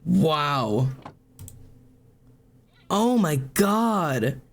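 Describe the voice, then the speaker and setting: A man's voice: fairly high pitch, very animated, very slow. A young man streaming a game, exclaiming often and talking in an emotional, tearful, laughing way.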